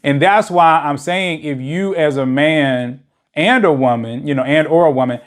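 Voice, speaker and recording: A man's voice: fairly high pitch, normal speed. A man hosting a dating channel, talking in a loose, rambling way and packing his speech with "you know" fillers. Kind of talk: casual monologue to camera. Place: lives in a big city.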